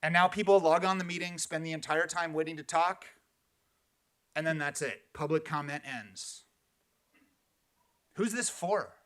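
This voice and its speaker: A man's voice: on the high side, a bit bright. A man giving a sarcastic, pointed public comment at a police commission meeting.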